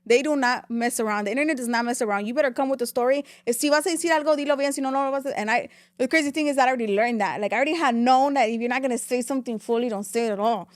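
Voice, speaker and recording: A young woman rattles through her story as a podcast guest, flipping freely between English and Spanish. Her voice sits a little high, and she speaks very quickly. The sound is close and dry, with no room around it. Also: no room sound. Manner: rapid, animated, switching between English and Spanish. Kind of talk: casual interview storytelling.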